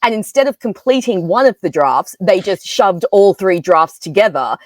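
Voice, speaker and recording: A woman co-hosting a film review podcast, chatty and full of fillers. Her pitch rises and falls a lot as she talks. The sound is close and dry, with no room echo. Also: moderate pace. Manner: chatty, animated, many fillers. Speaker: podcast co-host. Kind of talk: casual film review chat.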